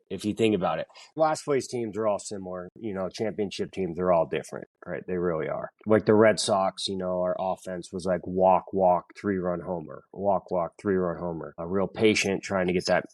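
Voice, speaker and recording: A man's voice: low voice, moderate pace, dry recording. A man from Northern California, a former pro ballplayer, telling stories as a podcast guest in a rambling, filler-heavy way. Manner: rambling, lots of fillers and restarts. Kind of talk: casual interview storytelling.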